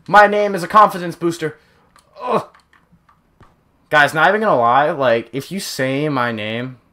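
A young man commenting over his own gameplay, excitable and often yelping and exclaiming. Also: mid-range voice. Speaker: gaming channel host.

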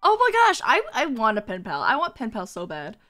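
Give me a bubbly woman streamer with a high, bouncy voice thanking her chat. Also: huge pitch swings, a little fast, over music. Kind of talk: live stream chat with viewers.

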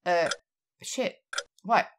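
A young adult woman giving jokey, excitable and profane commentary while she plays a game. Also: very slow, noisy background. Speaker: let's play gamer. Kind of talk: casual gameplay commentary.

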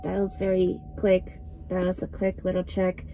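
A woman's voice: on the low side, monotone, normal speed, warm tone, faint music behind. A young woman vlogging from inside her parked car, chatting casually in a rambling, giggly way that startles easily. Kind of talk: casual vlog chat.

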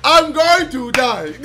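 A man reacting to funny clips, laughing hard, shouting and swearing as he talks. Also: very high voice. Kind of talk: casual reaction commentary.

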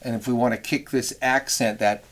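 A man's voice: medium pitch, fairly even intonation, moderate pace. A middle-aged man teaching horn arranging in a casual, rambling way, now and then singing rhythms in scat syllables. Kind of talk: casual instructional talk.

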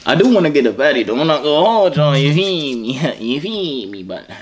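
A man's voice: a little high, very animated, normal speed. A young man hosting a casual vlog who talks with strangers in a playful, teasing, joking way. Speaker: YouTuber and video chat app host.

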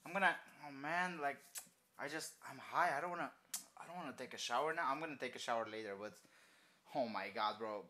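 A man's voice: mid-range voice, fairly quick. A young man reacting to a movie trailer in loose, slangy, rambling chat. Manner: excitable, slangy, rambling, bursts into shouts and laughs. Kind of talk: casual reaction commentary.

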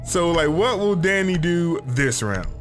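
Animated, laughing male gamer host. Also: fairly high pitch, measured pace, faint music behind. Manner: laughs often, teasing, animated storytelling. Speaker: gaming channel host. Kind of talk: casual gaming chat with a friend.

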